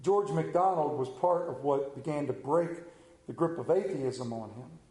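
A man's voice: on the high side, normal speed, dark tone. A man preaching a sermon and leading a prayer, earnest, with self-deprecating asides. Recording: roomy echo.

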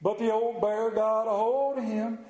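A preacher gives a folksy, earnest sermon about his own faith, reading scripture aloud at a normal pace. His high voice is mellow and dark with a steady tone, and the sound echoes as though in a large room.

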